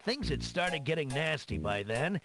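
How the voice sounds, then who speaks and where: A weary old ferryman out of work, gruff and folksy, with a thick Brooklyn accent. His voice rises and falls a lot as he reminisces, with game music playing behind him in this old computer adventure. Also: on the high side, big pitch swings, moderate pace. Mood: wistful. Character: older male island ferryman, weary and nostalgic. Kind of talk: 1990s computer game voice acting.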